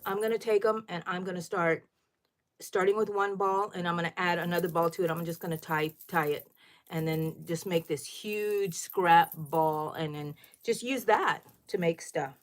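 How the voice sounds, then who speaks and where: A middle-aged woman with a lilt hosts a casual crochet livestream, talking a little loud and thinking out loud as she works. Her voice sits slightly low for a woman, and she keeps turning to her viewers with questions. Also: fairly even intonation, normal speed. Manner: chatty, thinks aloud, asks viewers questions. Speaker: livestream host.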